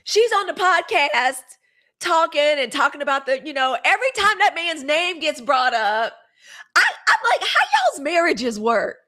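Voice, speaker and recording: Animated high-voiced woman, chatty host. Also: normal speed. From Mississippi, USA. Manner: animated, gossipy, cursing freely. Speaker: live show host. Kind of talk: casual live-stream chat.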